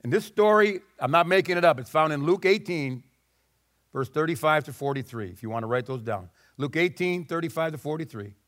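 A man's voice: fairly high pitch, animated, a little fast, fairly bright tone. A male preacher telling a Bible story in a sermon, dramatic and repeating his words as he goes.

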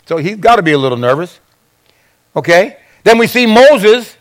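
Guy preaching a sermon, pretty high voice, jumps all over in pitch, acts out the quotes. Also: moderate pace. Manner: animated, acts out Bible quotes, frequent restarts. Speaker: pastor.

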